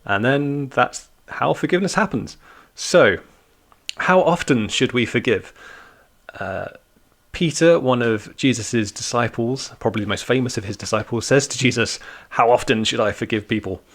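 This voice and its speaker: Man, youth sermon, conversational, joking, teacherly, mid pitch. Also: expressive, normal speed, fairly bright tone. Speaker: youth church speaker. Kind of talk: informal sermon talk for young people.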